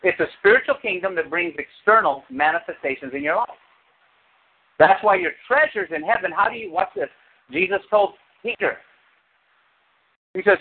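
A man preaching a sermon as pastor, animated, with sudden high exclamations. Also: moderate pace, pauses often. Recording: tinny phone-like sound.

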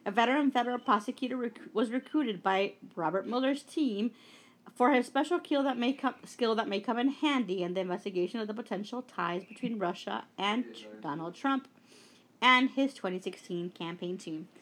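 A woman's voice: on the high side, moderate pace, fairly bright tone. A woman co-hosting a casual political podcast, recapping news stories with blunt, profane asides. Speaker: podcast co-host. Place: Brooklyn.

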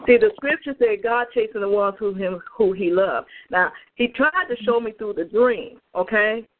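A woman's voice: medium pitch, moderate pace, slight background noise. A woman evangelist giving an emphatic, fervent spoken testimony on a prayer call, speaking straight to her listeners over the phone. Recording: tinny phone line.

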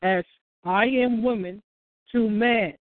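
A woman's voice: on the high side, unhurried, no echo. A woman hosting a call-in show, giving casual advice, often restarting and acting out little dialogues. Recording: tinny phone line.

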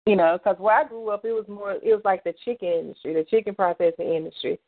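A woman from the American South talks loosely in a radio interview, piling up fillers and restarts. Her voice comes through a tinny, phone-like line with a dry, close sound. She sits at a mid pitch for a woman. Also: fairly even intonation, fast talker, no room sound. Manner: rambling, many fillers and restarts. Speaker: author guest.

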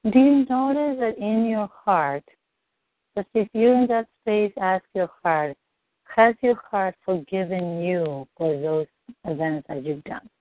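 A woman guiding someone through a heart-centered coaching session, speaking softly and slowly to reassure him. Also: medium pitch, no echo. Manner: soft, slow, reassuring. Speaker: guide. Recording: dry phone-like line.

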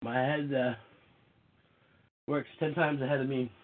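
A man hosting a show, swearing and laughing as he chats and reads his own dark poetry. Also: medium pitch, steady tone, a little slow. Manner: profane, laughing, rambling. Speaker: podcast host and poet. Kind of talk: casual chat and poetry reading. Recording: tinny phone-like sound.

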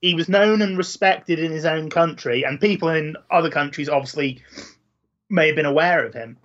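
A man's voice: a little high, moderate pace, fairly bright tone. A man co-hosting a podcast, chatting thoughtfully about films with some hesitant restarts. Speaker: podcast co-host. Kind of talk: casual film chat. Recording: muffled lo-fi mic.

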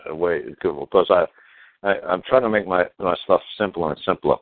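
Deep-voiced older man on tinny line. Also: moderate pace, no room sound. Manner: plain, blunt, repetitive and folksy. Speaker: radio show host. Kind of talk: casual talk radio chat. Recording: tinny phone-line radio sound.

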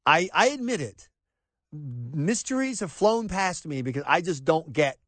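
A man hosting a talk radio show, excitable and exasperated, stammering and restarting as he talks in a studio. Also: high-pitched, no echo.

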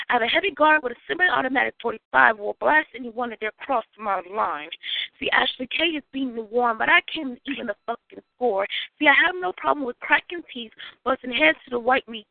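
A woman's voice: a little high, gravelly, dry recording. A woman performing spoken-word poetry with a raw, confrontational delivery over a phone line.

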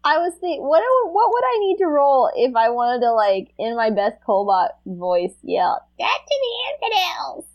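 Woman player, high and very lively voice, playful, dry close sound. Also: moderate pace, hardly any pauses, dry recording, highs cut off. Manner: playful, eager, stumbling restarts. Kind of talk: casual tabletop game chat.

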